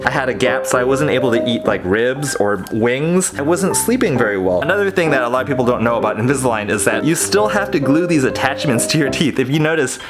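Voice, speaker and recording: Casual male vlogger, mid-pitched and chatty, loud guitar music behind. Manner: chatty, explanatory. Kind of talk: casual vlog explaining to camera. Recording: vlog with loud background music.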